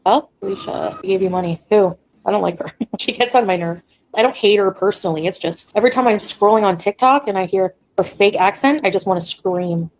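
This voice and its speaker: A woman's voice: mid-range voice, a little fast, slight background noise, low-quality recording. A woman on a casual livestream, talking bluntly, ranting and reading chat aloud.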